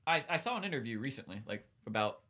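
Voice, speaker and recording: Young dude on a podcast, quick and punchy, voice all over the place, cusses a lot. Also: male voice, medium pitch. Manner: profane, animated, laughs often. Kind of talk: casual chat.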